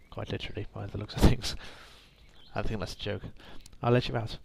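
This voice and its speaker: A man's voice: lowish voice, level tone, fairly quick, gravelly, background noise. A man commentating on his own gameplay with dry, self-mocking asides. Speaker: let's play host. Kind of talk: game commentary.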